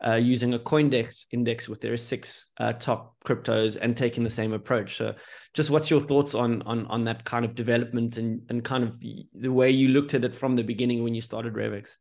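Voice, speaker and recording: Podcast host guy, average pitch, keen and rambly, says "you know" a lot. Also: fairly even intonation, normal speed, gravelly, a little mellow. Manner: enthusiastic, rambling questions, constant "mm" backchannels. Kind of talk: podcast conversation.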